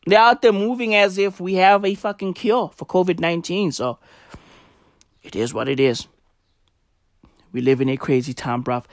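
A man rambles through a casual, profane rant full of slang. His voice sits a little high, and the sound is dry and close, with no room echo. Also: normal speed, pauses often. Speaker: vlogger.

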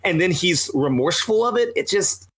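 A man co-hosting a casual wrestling podcast, animated, acting out quotes as he talks. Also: sits high, normal speed, husky. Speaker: podcast co-host.

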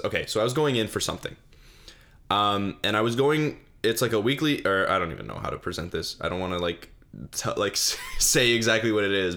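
A man's voice: fairly low pitch, sharp tone. A young man hosting a solo podcast, telling a funny story in a rambling, self-mocking way with lots of fillers and restarts. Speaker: podcast host.

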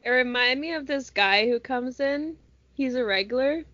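Brief: female co-host, high-pitched and slow, easygoing, lo-fi sound. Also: a bit bright, no echo. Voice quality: giggly, easygoing. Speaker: podcast co-host. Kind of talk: casual chat, storytelling. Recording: dull lo-fi podcast audio.

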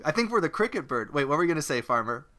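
A man's voice: a little high, sing-song, rapid-fire, bright, forceful tone. A man with an Australian accent hosting a podcast, rambling earnestly in casual comedy chat. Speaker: podcast host.

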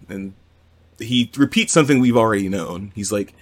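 Speaking with a fairly low pitch at a brisk pace, a man co-hosts a podcast from home with cats nearby. He animatedly retells a manga chapter in a casual way, swearing and acting out quoted voices.

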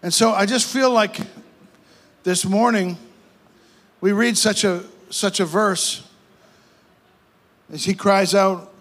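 A male pastor, preaching a fervent sermon with repeated phrases and quick restarts. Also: sits high, steady tone, a bit bright.

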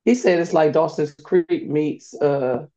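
A young woman, a guest on a casual podcast, telling stories in an animated, slangy way. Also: low-pitched, takes it slowly. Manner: animated storyteller, slangy, laughs often. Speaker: guest, host's niece. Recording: dull lo-fi recording.

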